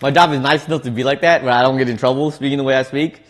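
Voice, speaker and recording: A man's voice: mid-range voice, steady tone, racing. A man streaming, chatting casually while he eats, laid-back and slangy, often repeating his words. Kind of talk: casual chat while eating.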